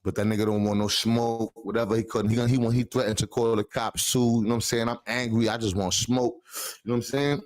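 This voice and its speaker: A man's voice: medium pitch, fairly even intonation, brisk, darkish tone, no echo. A man, a podcast guest telling a long personal story in heavy street slang, checking in with "you heard?". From the Bronx, New York. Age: 40s. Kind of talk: casual storytelling.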